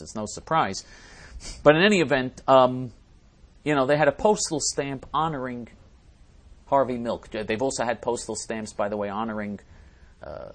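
A man hosting a talk show, delivering an emphatic, scornful monologue with many restarts and sudden swings in loudness. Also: fairly low pitch. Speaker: talk show host reading listener messages. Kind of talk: ranting monologue.

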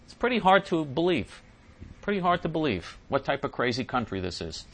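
A man's voice: fairly high pitch, big pitch swings, fairly quick. Emphatic man hosting a talk show. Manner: emphatic and repetitive. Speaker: radio host answering listener mail.

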